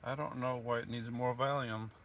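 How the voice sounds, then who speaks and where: A man live-streaming from inside his van on a rainy night, talking quietly into a phone propped close to him. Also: mid-range voice, flat delivery, normal speed, slight background noise. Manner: talks quietly, keeping his voice down. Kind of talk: casual live stream chat.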